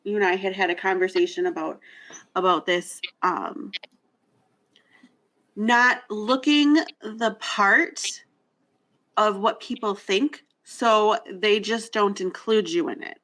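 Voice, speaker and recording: A woman's voice: medium pitch, steady tone, slow pace, a bit bright, low-quality recording. A woman hosting a casual discussion, talking candidly and reflectively and often restarting her thoughts. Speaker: host.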